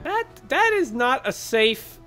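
A man co-hosting a podcast, reacting to a TV episode with loud exclamations and lots of swearing. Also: very high voice, slow, soft background music. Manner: loud, animated, swears freely, exclaims at the screen. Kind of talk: casual reaction chat.

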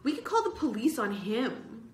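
A woman's voice: fairly high pitch, very animated, moderate pace, slight background noise, pitched above the performer's own voice. Woman doing a whiny, insistent young boy. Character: excitable boy, middle-school age. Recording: roomy echo.

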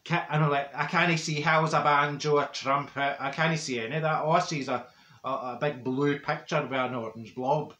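A man's voice: fairly high pitch, fairly even intonation, normal speed, pushed and bright. Comic character: a man as a straight-talking middle-aged Glasgow woman, broad Glaswegian, raised voice, echoey room. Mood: gossipy. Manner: blunt, gossipy, laughs often, broad Scots words. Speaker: comedy character monologue. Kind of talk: comic storytelling monologue. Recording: roomy echo.

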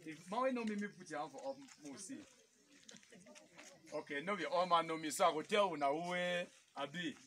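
A man speaks with a Cameroonian Pidgin English accent and a high voice. He addresses a crowd in an animated way and keeps appealing to it directly. Faint noise sits behind him. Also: moderate pace. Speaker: public speaker. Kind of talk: outdoor public address.

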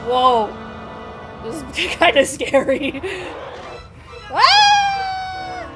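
A woman gamer giving excitable, exclamatory commentary as she plays a video game. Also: sits high, unhurried, over loud music. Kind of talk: let's play commentary.

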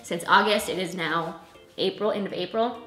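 A woman's voice: lowish voice, normal speed, pushed and bright. A woman hosting a casual eating vlog, chatty and rambling, laughing often. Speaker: vlogger host. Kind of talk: casual chat while eating. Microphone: camera filmed by a friend. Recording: echoey room with faint music.

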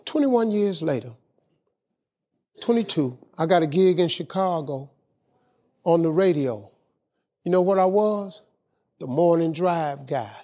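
A middle-aged man telling an animated motivational story, often repeating "man" as filler. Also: a little high, measured pace, pauses often. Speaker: motivational speaker. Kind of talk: storytelling speech.

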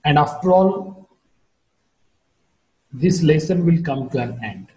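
A man giving a recorded online lecture on English phonetics, teaching slowly and deliberately, with his voice rising and falling widely as he shows the tones. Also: animated, a little mellow, echoey room, poor audio. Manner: slow, deliberate teaching with wide pitch swings.

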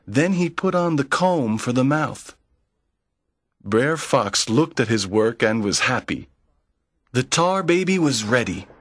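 Slow, husky male storybook narrator. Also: medium pitch, a bit bright, dry recording, studio quality. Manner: clear, measured storytelling. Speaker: narrator of a graded reader. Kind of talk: slow scripted narration for learners.

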